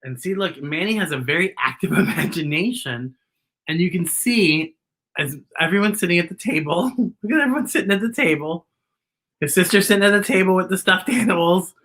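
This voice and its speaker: A woman hosts a children's story time, reading a picture book aloud in a playful, animated way and talking straight to the young listeners. Her voice sits a little low but sounds bright, and her pitch swings widely. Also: fairly quick.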